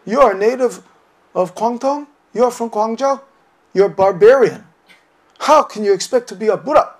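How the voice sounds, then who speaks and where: A man voicing a stern elderly male Zen patriarch who scornfully scolds a young visitor, loud and contemptuous. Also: high-pitched, moderate pace, pitched above the performer's own voice.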